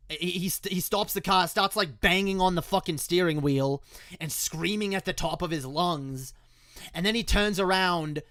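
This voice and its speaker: A man's voice: a little high, fairly bright tone, no room sound, studio quality. A young man telling a painful personal story in a raw, emotional way, swearing often and stumbling over restarts. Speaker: musician telling the story behind a song.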